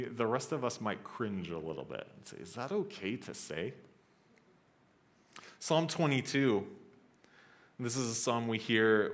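A pastor delivers a sermon in an earnest, conversational manner. He acts out scripture lines with building intensity and sinks into a soft, low voice for the somber passages.

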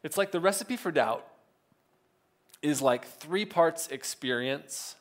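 A man's voice: a little high, animated, slow pace. A male pastor, giving a casual, conversational sermon and briefly acting out quotes. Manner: conversational, self-correcting, acts out biblical quotes.

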